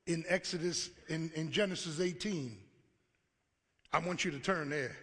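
A pastor preaching a call-and-response sermon, acting out God's voice and rising to shouts. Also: male voice, a little high, normal speed. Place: church sanctuary. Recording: live church hall with long reverb.

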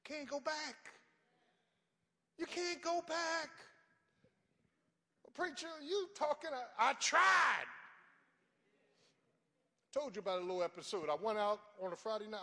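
An older man preaching a sermon, telling stories from his life and rising to fervent shouts. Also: high-pitched, in a large hall. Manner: storytelling, builds to fervent shouting.

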